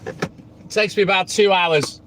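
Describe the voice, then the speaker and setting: A man's voice: high voice, unhurried, background noise. A man live-streaming from his milk round, greeting viewers by name and bantering cheekily.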